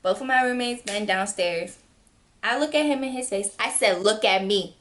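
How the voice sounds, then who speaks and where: A woman in her twenties telling a storytime vlog, animated and acting out quotes with sudden jumps in pitch. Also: normal speed. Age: 20s. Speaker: vlogger. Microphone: camera mic.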